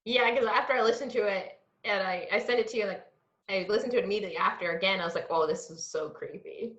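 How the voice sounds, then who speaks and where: A woman's voice: mid-range voice, very fast, fairly bright tone. A woman voice actress in casual podcast chat, bubbly and laughing often. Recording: echoey room, dull lo-fi sound.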